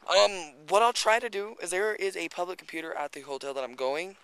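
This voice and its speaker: A man films a casual walking vlog on a handheld camera by a creek in rural hills, rambling, swearing a lot, and tossing in chatty asides while slightly out of breath. His voice is high-pitched, animated and brisk, with a fairly bright, clean tone.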